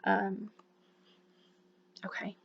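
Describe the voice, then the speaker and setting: A woman's voice: drawn-out words, dull audio, slight background noise. A woman giving a recorded university lecture on voice and diction, explaining with frequent fillers.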